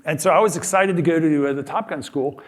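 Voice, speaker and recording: A man's voice: a little high, quick pace. A man in his sixties giving a casual talk in a lecture hall, telling a story with restarts and acted-out quotes. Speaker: guest speaker.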